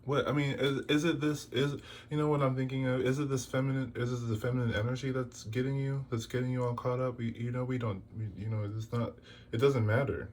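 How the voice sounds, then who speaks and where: A man's voice: mid-range voice, level tone, brisk, darkish tone, slight background noise. Exasperated man scolding through a tarot reading. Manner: exasperated, scolding, rhetorical questions. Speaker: tarot reader. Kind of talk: casual tarot reading to camera.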